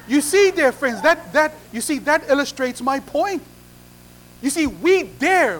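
A man's voice: extremely high pitch, fairly bright tone, a little hiss or hum, low-quality recording. A man preaching a sermon, acting out little conversations and repeating phrases for emphasis. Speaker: pastor.

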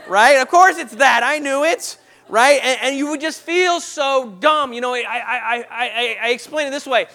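Young guy giving a talk to a crowd, really high bright voice, acts stuff out, gets loud then goes quiet. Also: normal speed. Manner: animated, acts out voices and sound effects. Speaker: speaker. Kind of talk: motivational talk to an audience.

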